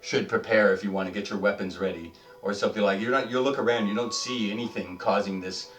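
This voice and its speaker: A man's voice: fairly low pitch, steady tone, fast, fairly bright tone, distant mic. A man narrating a tabletop game as dungeon master, rambling with lots of fillers. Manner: rambling, filler-heavy, chuckling. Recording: roomy, off-mic, faint music behind.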